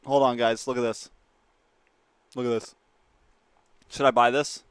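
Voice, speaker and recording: A man's voice: medium pitch, level tone, a little slow, clean tone, dry recording. A young man livestreaming, chatting casually with his viewers and laughing often. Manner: laughs often, talks straight to chat. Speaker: livestreamer and esports caster.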